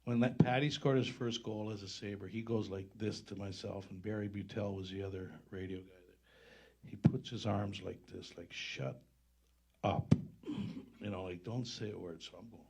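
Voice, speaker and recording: A man telling lively anecdotes on stage, laughing as he acts out other people's voices. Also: on the low side, normal speed, slightly rough. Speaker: guest storyteller. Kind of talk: live storytelling on stage. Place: stage before a live audience.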